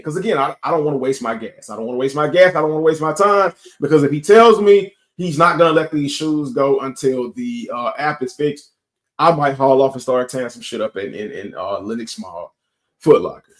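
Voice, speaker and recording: A young man, telling a profane, animated story as a sneaker channel host and acting out both sides of an argument. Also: medium pitch, brisk. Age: young adult. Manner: profane, animated storytelling with quoted back-and-forth. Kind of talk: casual storytime rant.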